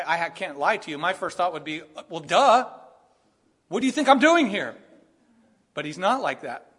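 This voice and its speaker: Male pastor, lively sermon delivery with sudden bursts of emphasis. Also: high voice. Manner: animated, acts out quoted voices, rising to bursts of emphasis.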